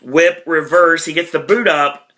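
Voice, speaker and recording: Chatty man with a bright voice. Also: a little high, a little slow. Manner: chatty, animated, with asides to viewers. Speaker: podcast reviewer. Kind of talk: casual recap monologue.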